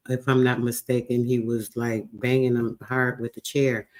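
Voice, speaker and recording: A man's voice: mid-range voice, darkish tone. A man hosting his channel, giving a casual, hesitant intro. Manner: casual, hesitant, with fillers and restarts. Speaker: channel host.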